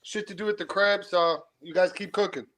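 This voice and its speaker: A man calling in to a boxing stream, breaking down fighters in relaxed slang. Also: sits high, brisk, crowd noise. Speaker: caller. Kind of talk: casual call-in chat.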